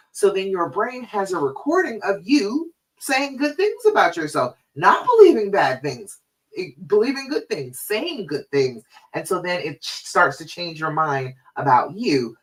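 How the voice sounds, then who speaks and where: A woman hosting a live-stream coaching show, encouraging listeners and checking in with "okay?" and "all right?". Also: on the low side. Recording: voice a bit far from the mic.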